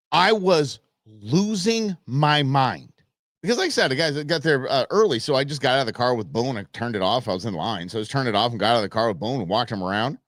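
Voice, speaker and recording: A man hosting a live stream, telling a story in a chatty, expressive way. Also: medium pitch, no echo, studio quality. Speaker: livestream show host. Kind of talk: casual livestream chat.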